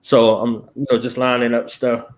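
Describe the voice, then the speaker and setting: A man hosting a radio talk show, chatting in a laid-back, slang-heavy way and telling animated stories. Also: moderate pace. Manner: animated storyteller who mimics callers in a higher, louder voice. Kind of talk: casual chat.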